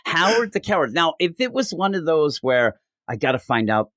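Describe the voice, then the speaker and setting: A man co-hosting a casual comics podcast, reading panel lines aloud in put-on voices and tripping over his words when he gets excited. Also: fairly high pitch, moderate pace, dry recording, studio quality. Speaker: podcast co-host. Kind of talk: casual chat about comics.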